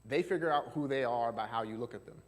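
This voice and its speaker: Speaking fast in a mid-range voice, a male marriage and family therapist talks chattily to a live seminar audience in a church hall. He frequently quizzes the audience and uses many fillers, and the recording carries long hall reverb.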